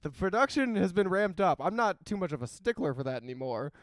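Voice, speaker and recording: Man from canada, co-host, joking around, smooth clear voice, dry close sound. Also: high voice, very animated, a little fast, no room sound. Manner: bantering, crude joking. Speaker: co-host of a live call-in show. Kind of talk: casual live call-in chat.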